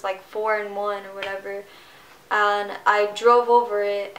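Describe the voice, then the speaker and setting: A woman in her twenties talking to camera about something personal, halting and emotional, with many restarts. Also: medium pitch, pushed and bright, a little hiss or hum, poor audio. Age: 20s. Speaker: vlogger. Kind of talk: personal vlog confession.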